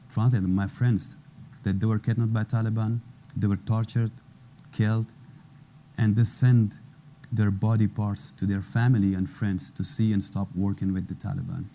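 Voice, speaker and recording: A man's voice: on the low side, little pitch movement, normal speed, warm tone, slight background noise. A man in his thirties from Afghanistan with an Afghan accent, speaking broken English as he gives earnest personal testimony on a panel. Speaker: former interpreter, panel guest.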